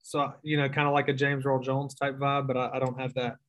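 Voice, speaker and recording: A man's voice: medium pitch, flat delivery, fairly quick, a bit bright. A young man with a Southern US accent, a guest writer telling long stories in casual, self-mocking podcast chat. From Mississippi. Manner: drawling storyteller, self-mocking.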